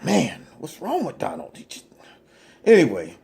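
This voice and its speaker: A man's voice: fairly high pitch, wildly swooping pitch, unhurried, vocal fry, darkish tone. A man vlogging, reading items off a list and reacting with mock outrage, ironic and loose with casual slang. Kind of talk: sarcastic political commentary reading from a list.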